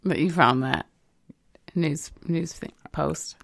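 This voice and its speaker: A woman with a low, gravelly voice and some vocal fry, talking on a podcast. She speaks in a measured way and gently scolds, hedging with fillers. The sound is close and dry. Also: dry recording. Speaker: podcast co-host. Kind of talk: casual podcast chat.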